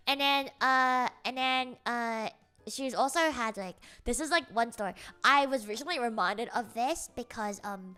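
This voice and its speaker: A woman's voice: a little high, lively intonation, a little slow, bright, forceful tone, soft background music. A young woman chatting casually as a streamer, rambling through a story with lots of fillers and giggles.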